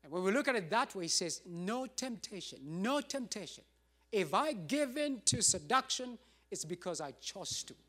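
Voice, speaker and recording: A man's voice: sits high, big pitch swings, normal speed, sharp tone. A middle-aged man pastor preaching a sermon, emphatic and repetitive, with rising bursts.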